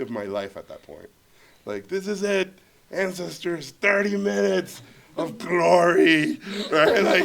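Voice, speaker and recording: A man telling a comic anecdote to a student audience, animated and laughing as he acts out quoted lines. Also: medium pitch. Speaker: guest filmmaker at a student Q&A.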